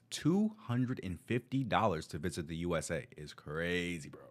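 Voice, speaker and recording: A man's voice: lowish voice, animated, brisk, a bit bright. Slangy man reacting to travel news. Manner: slangy, says bro a lot. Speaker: travel news streamer host. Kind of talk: casual reaction commentary. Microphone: desk microphone.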